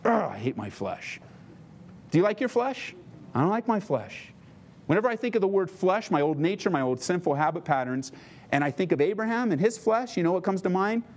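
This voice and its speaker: A man's voice: sits high, lively intonation, brisk. A male pastor giving a conversational sermon, often asking the congregation questions. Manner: conversational, asks the listeners questions.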